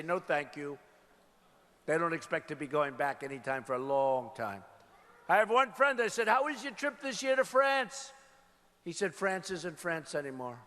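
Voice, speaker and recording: A political candidate with a fairly high, slightly bright voice delivers a campaign rally speech in a large indoor venue. He's emphatic, repeats phrases and calls out to the crowd, whose murmur fills the reverberant arena recording.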